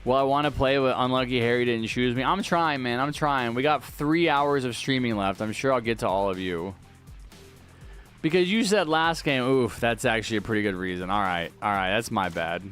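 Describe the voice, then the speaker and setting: A man's voice: mid-range voice, moderate pace, fairly bright tone, soft background music. A man live-streaming a video game, chatting casually, reading viewer messages aloud and thanking donors. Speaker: livestreaming gamer.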